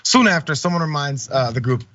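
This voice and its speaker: A man's voice: a little high, expressive, brisk, bright, forceful tone, dry recording, lo-fi sound. A man hosting online news commentary, talking loosely with many fillers and pressing indignant rhetorical questions.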